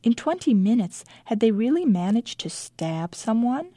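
A woman's voice: fairly high pitch, very animated, moderate pace, few pauses, dark tone, no echo. A woman teacher reading her own diary entries aloud in a dry, wry storytelling manner.

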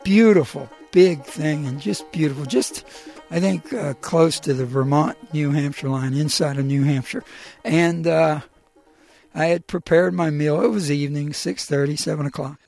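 A middle-aged man telling his own personal story in a halting, emotional way, with many pauses and fillers. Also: on the high side, creaky, a little mellow, faint music behind.

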